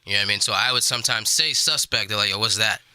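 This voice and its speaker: A man's voice: on the low side, very fast, sharp tone, clear, resonant tone, no room sound. A young man on a podcast telling a childhood story in a laid-back way, full of casual fillers. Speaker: podcast co-host.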